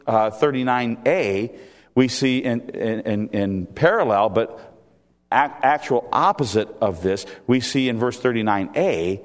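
A male pastor preaching an expository sermon to a congregation, with expressive, emphatic delivery that builds to loud peaks. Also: medium pitch. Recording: reverberant hall sound.

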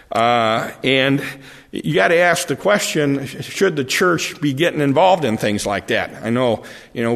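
A man preaching a conversational sermon, halting and often repeating his words as he explains the text. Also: mid-range voice, gravelly. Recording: long hall reverb.

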